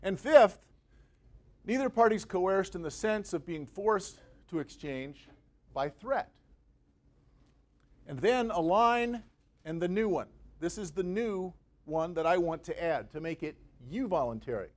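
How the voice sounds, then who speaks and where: Guy lecturing at a university, kinda high voice, chatty, cracks jokes. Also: animated, measured pace. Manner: conversational, jokey, uses everyday examples. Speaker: guest lecturer. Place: university venue with a live audience.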